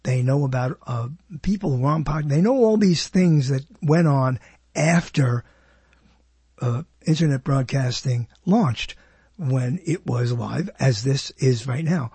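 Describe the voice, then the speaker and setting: A man's voice: mid-range voice, measured pace, dark tone, husky, no echo. A man hosting a casual live internet talk show, rambling, joking and arguing with his co-host. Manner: rambling, jokey, argumentative.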